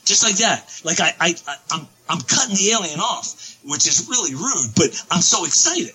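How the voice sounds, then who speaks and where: Excitable husky-voiced man telling a story. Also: on the high side, moderate pace, rough recording. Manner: excitable, rambling. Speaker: interview guest. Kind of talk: casual storytelling on a podcast.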